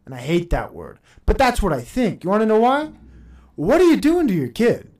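A man's voice: high-pitched, huge pitch swings, moderate pace, darkish tone. Podcast host in his thirties, swearing and sarcastic, solo rant, voice swings up and down. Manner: heated, profane, sarcastic; laughs between points. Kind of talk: ranting solo podcast monologue.

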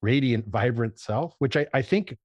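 A man's voice: medium pitch, normal speed, darkish tone, no echo. A man talking as a podcast guest in casual conversation, rambling and searching for words, often acting out little quoted scenes. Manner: acts out voices in quoted examples.

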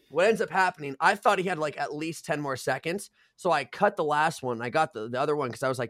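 A man in his twenties telling a wild party story on a casual podcast, profane and animated, getting loud at the punchlines. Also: on the high side, fast, no echo, studio quality.

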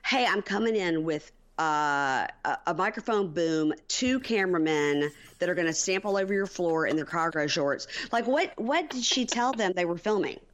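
A woman's voice: on the low side, animated, moderate pace, hardly any pauses. A woman co-hosting a podcast in casual recap chat, wry, acting out quotes with exaggerated voices. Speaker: podcast co-host.

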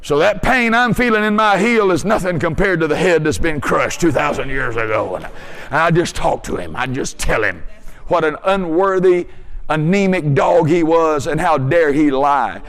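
A man's voice: a little high, lively intonation, normal speed, fairly bright tone, big-room sound. A man preaching a testimony sermon with fervent, emphatic storytelling.

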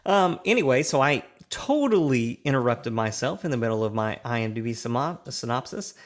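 A young man co-hosts a podcast, tipsy and very animated, reading a plot synopsis at a brisk clip in a medium-pitched voice. He rambles, swears, restarts sentences and laughs often in this casual chat.

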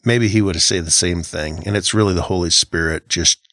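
A man's voice: sits low, brisk, fairly bright tone, no room sound, studio quality. A middle-aged man co-hosting a casual Christian podcast, talking in an earnest, reflective way with frequent halts and restarts. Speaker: podcast co-host.

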